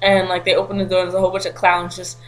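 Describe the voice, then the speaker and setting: A woman vlogging to camera, telling a story in an animated, slangy way with frequent laughter. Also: lowish voice, very fast, rough recording.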